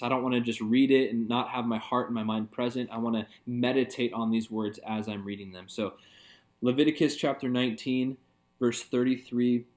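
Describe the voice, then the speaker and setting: A man's voice: mid-range voice, a little mellow. A man, a pastor, giving an earnest, reflective devotional talk in a conversational way.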